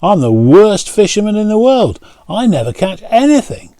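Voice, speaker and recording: A hapless old fisherman from a picture book exclaims in a high, loud voice, played by a man reading aloud. He sounds self-doubting and keyed up, and the recording is dry and close. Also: very animated, slow pace, no echo, heavily acted. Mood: excited.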